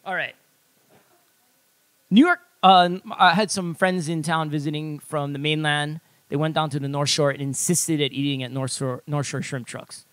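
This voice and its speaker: A man from Hawaii, hosting a podcast and reading out news topics in relaxed chat. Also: fairly high pitch, normal speed, no echo.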